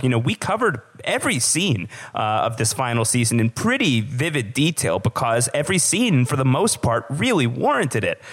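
A man co-hosting a podcast, talking casually in a rambling way with many fillers and restarts. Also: medium pitch. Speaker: podcast co-host.

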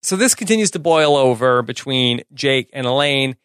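A man's voice: mid-range voice, expressive, normal speed, fairly bright tone, smooth, no room sound, clean studio sound. A man co-hosting a podcast, easygoing in casual chat, recapping an episode with brief replies. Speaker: podcast co-host.

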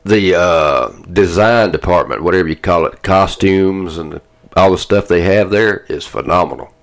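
A man's voice: sits low, moderate pace, vocal fry. A man co-hosting a casual talk podcast, laid-back and folksy, talking with easy enthusiasm. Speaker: podcast co-host. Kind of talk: casual chat.

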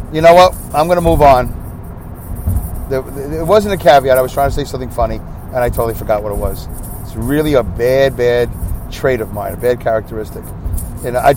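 A man's voice: medium pitch, fast, a little mellow, a little hiss or hum. Tired rambling man in his fifties. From upstate New York. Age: 50s. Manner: rambling, circles back and loses his train of thought. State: sleep-deprived. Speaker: podcast host. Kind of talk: rambling solo podcast monologue.

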